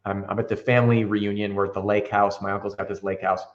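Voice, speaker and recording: Echoey, energetic male sales trainer. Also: lowish voice, fast, highs cut off. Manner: energetic, candid, acts out quoted dialogue. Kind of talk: casual interview storytelling.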